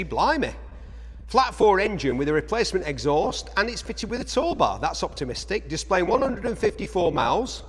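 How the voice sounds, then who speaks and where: A man with a high voice and a breathy edge shows off auction cars in a chatty commentary, tossing in jokey asides to himself. The sound echoes as in a large hall.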